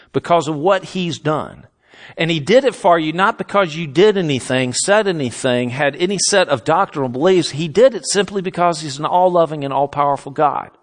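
A man preaching a sermon as pastor, earnest and emphatic, with self-mocking humorous asides. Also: fairly high pitch.

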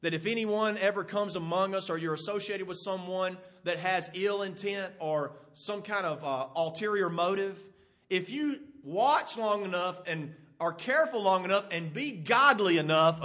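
A man preaching a sermon, animated, with emphatic bursts and rhetorical questions to the congregation, with a husky voice. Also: high voice, normal speed.

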